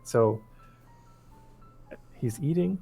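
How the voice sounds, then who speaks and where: Brief: man spinning a fairy tale for friends, casual and meandering, ordinary middle pitch. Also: extremely slow, vocal fry, slightly rough, faint music behind. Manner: relaxed, rambling, with restarts. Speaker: storyteller.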